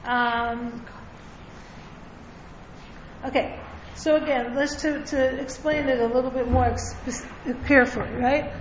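High-voiced woman teaching in an echoey room. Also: steady tone, takes it slowly, pauses often, lo-fi sound, a little hiss or hum. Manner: conversational, checks in with frequent "right?". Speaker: Torah teacher. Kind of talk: religious class lecture.

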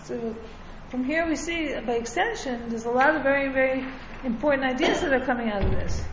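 A high-voiced woman gives a religious class in a relaxed, conversational way and keeps checking in with her listeners. The recording is echoey and a little dull, with a faint hiss underneath. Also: fairly quick. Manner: conversational, checks in with frequent "right?". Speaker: Torah teacher.

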